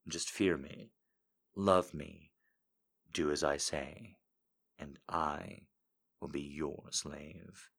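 A man putting on a low, soft, seductive voice as a dominant lover, reading short lines slowly in a near-murmur. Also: steady tone, vocal fry, husky, full character voice. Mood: sultry. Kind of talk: reading viewer quotes in a put-on voice.

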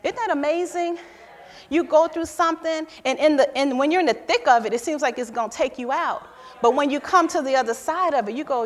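A middle-aged woman preaches in a church hall, her somewhat high voice trailing off into a long reverb. She moves from forceful, emphatic lines to soft, hushed ones as she tells her story. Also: brisk. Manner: emphatic, swings between loud and hushed. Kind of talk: sermon with personal testimony.

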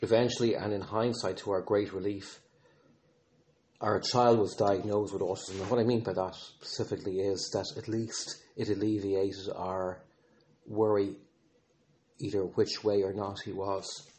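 A man speaking as a podcast host and father in an earnest, reflective monologue, often pausing, restarting and using fillers. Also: lowish voice, level tone, darkish tone.

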